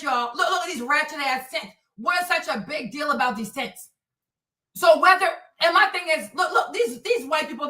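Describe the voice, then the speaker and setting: A woman hosts a livestream in a fired-up commentary rant. Her voice is high and bright, she swears freely, and she hammers the same phrases again and again. She sits back from the microphone in a roomy, echoing space. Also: distant mic. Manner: animated, profane, repeats phrases for emphasis. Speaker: livestream host. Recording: roomy and off-mic.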